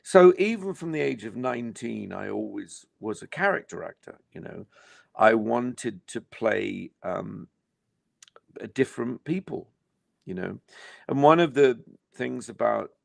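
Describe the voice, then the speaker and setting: A man's voice: medium pitch, lively intonation, unhurried, gravelly, no room sound. An older English man, an actor being interviewed, talking in a reflective, rambling way with many fillers. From England. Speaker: actor guest. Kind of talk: casual interview chat.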